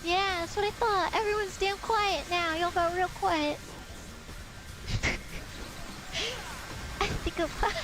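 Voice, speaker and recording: A young woman with a strikingly high, girlish voice chats with her viewers while she plays. She teases them, curses freely and keeps the banter playful. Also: drawn-out words, long pauses, music in the background, rough recording. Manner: playful, swearing, teasing banter with chat. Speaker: game streamer. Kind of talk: casual live gameplay stream chat.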